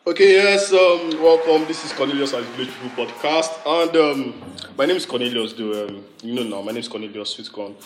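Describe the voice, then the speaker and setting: A man's voice: medium pitch, expressive, brisk, few pauses, roomy sound, background noise. A Nigerian man hosting a podcast, telling stories in a laid-back way with fillers. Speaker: podcast host. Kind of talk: casual podcast chat.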